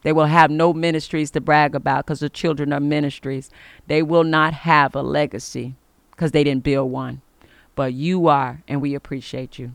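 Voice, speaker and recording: Woman podcast host, smooth and resonant, preacher-style encouragement, dry close mic. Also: deep voice, fairly even intonation, moderate pace, no room sound. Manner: emphatic, preacher-like, giving blessings. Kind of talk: inspirational faith podcast monologue.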